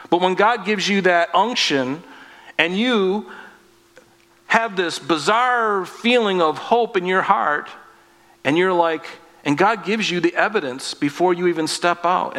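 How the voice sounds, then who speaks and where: A man's voice: a little high, fairly bright tone. A man preaching a sermon in an earnest, conversational way, often asking his listeners rhetorical questions.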